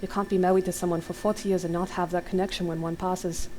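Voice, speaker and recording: A man's voice: high voice, level tone, fast, darkish tone, slight background noise, close to an everyday voice, rough recording. A woman reading the part of an older widowed man who speaks with the dead, in a put-on French lilt. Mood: somber. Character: older widowed male spirit medium, gentle.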